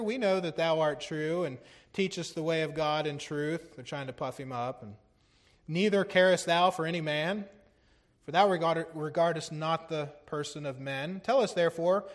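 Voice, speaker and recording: A middle-aged man preaching a sermon, earnest, moving between urgent, louder lines and low, hushed ones, with a touch of self-deprecating humor.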